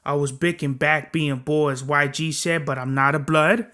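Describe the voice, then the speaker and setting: A man's voice: fairly high pitch, steady tone, moderate pace, bright, forceful tone. A young man hosting a solo podcast, talking in a profane, rambling, slangy way. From Southern California. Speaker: podcast host. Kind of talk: casual solo podcast monologue.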